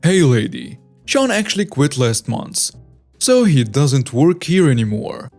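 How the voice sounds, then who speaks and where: A man voicing a friendly, easygoing male store manager in a plain, relaxed way. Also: medium pitch, measured pace, soft background music.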